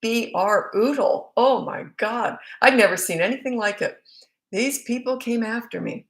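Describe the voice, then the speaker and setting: A woman's voice: on the high side, normal speed, fairly bright tone. Blunt chatty woman, roomy echo. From Australia. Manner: chatty, blunt, reads out comments and answers them directly. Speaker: parenting coach answering viewer questions. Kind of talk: casual live Q&A chat.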